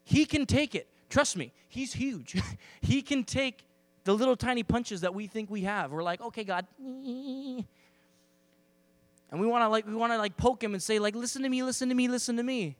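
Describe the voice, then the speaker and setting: A man preaching a sermon as pastor, animated and conversational, acting out little asides to the congregation. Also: very high-pitched, moderate pace, no echo.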